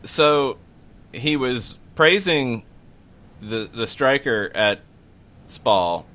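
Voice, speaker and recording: A man's voice: mid-range voice, expressive, very slow, pushed and bright. A man hosting a sports podcast, talking things through in a questioning, analytical way. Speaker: podcast host. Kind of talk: casual sports talk.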